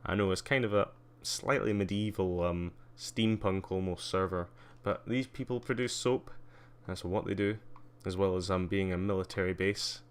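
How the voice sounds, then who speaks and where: Male streamer, very low pitch, smooth resonant tone, loose and chatty with frequent fillers and dry asides. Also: fairly even intonation, normal speed, few pauses. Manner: rambling, many ums and uhs, wry asides. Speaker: livestreamer. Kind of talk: casual live-stream commentary giving a tour.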